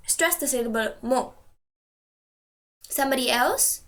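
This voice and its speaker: High-voiced woman teaching words. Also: animated, a bit bright. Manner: patient, repeats words slowly for practice. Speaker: Japanese language teacher. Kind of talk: explaining language lesson.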